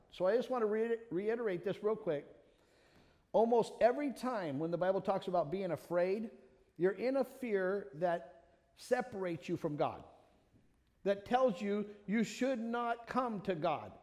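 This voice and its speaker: A man preaching a sermon, animated, calling on members of the congregation by name and quoting scripture. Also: high-pitched. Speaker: pastor. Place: church. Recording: long reverb of a church hall.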